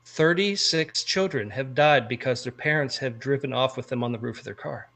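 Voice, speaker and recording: A man from the United States co-hosting a casual podcast chat, with a bright, forceful tone. He spins long stories full of ranting asides and keeps his pitch in an ordinary middle range. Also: moderate pace, gravelly. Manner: animated storyteller, ranting asides. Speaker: podcast co-host.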